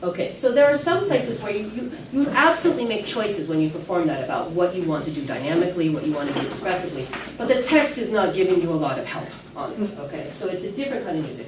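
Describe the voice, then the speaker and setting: A woman's voice: lowish voice, lively intonation, fast, few pauses, a crowd in the background. Woman teaching a music class from afar. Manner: chatty, with many fillers and restarts. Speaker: singing teacher. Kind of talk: workshop class lecture. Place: classroom at an early music event. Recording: echoey room mic from far off.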